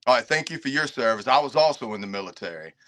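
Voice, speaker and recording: Middle-aged man, Southern Virginia drawl, folksy and chuckling, bright tone. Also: mid-range voice, expressive, quick pace. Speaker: guest caller. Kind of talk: casual podcast chat.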